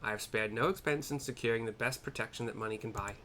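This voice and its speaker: A man's voice: mid-range voice, fast, bright, forceful tone, slight background noise, natural voice. A man voicing a pompous, wealthy small merchant with a loose put-on Irish accent, haughty and dismissive, read aloud during a game cutscene. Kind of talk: game cutscene voice acting by a narrator.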